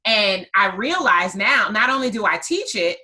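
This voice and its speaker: A woman hosting a podcast and telling a story in a lively conversational way, stressing her points by repeating words. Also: medium pitch, moderate pace, poor audio. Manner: emphatic, repeats words for effect. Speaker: podcast host and business coach.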